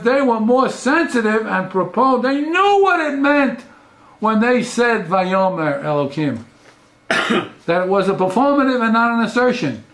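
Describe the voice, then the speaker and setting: A man's voice: high voice, fairly bright tone. An older man, a professor giving a lecture, emphatic and full of rhetorical questions. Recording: roomy echo.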